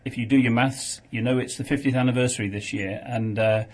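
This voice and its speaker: A man's voice: medium pitch, fairly even intonation, fairly quick. A man who is a guest author on a radio show, explaining his work in an earnest way. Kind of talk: radio interview.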